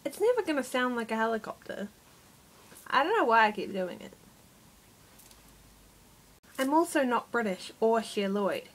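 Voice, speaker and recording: A woman's voice: a little high, expressive, moderate pace, pauses often, rough recording. A woman vlogger telling a rambling, exasperated storytime about her day, self-mocking as she goes. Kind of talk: casual storytime monologue.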